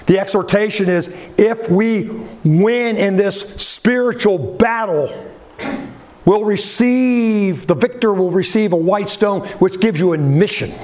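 A man preaching with a high voice, unhurried and deliberate. He asks the congregation questions and lands his points with falling phrase endings. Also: darkish tone, slight background noise. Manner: drops pitch sharply at the ends of phrases. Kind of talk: sermon.

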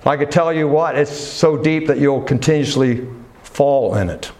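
A man's voice: fairly high pitch, moderate pace, darkish tone. A man preaching a sermon in a church, talking casually and putting questions to his congregation. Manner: conversational, asks questions of the congregation.

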